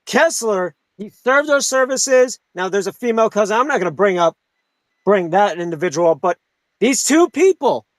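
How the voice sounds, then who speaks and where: A man's voice: high voice, lively intonation, moderate pace, no room sound, rough recording. A man hosting a live talk radio show, delivering a heated, profane monologue full of restarts and asides.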